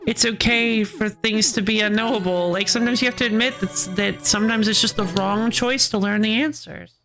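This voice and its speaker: A woman's voice: medium pitch, fairly quick, over music. A woman streaming a game, chatting in a rambling, playful way. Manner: rambling, playful, laughs often. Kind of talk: casual let's-play commentary.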